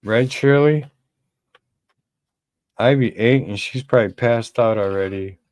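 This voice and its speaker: A man's voice: mid-range voice, measured pace, darkish tone, no echo. A man co-hosting a podcast livestream, rambling casually and greeting chat viewers by name. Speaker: podcast co-host.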